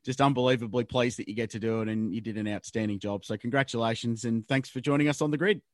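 A man's voice: medium pitch, steady tone, no echo, studio quality. An Australian man hosting a motorsport program, wrapping up an interview with friendly thanks. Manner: friendly, quick affirmations. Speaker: host. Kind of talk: casual interview.

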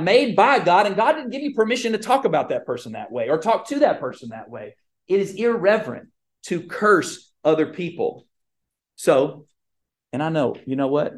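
Gravelly-voiced pastor preaching. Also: male voice, on the high side, a little mellow. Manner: conversational, asks the congregation questions. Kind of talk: sermon.

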